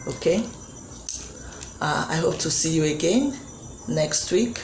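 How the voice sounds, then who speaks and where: A woman teaching a patient phonics lesson to young children, repeating each word slowly. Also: sits low, expressive, a little mellow, roomy sound, slight background noise.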